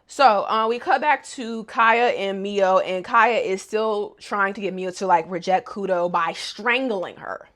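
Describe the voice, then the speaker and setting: A woman's voice: mid-range voice, a little slow, few pauses, a bit bright. A woman recapping an anime episode in a casual, slangy vlog, sassy and roasting the characters as she goes.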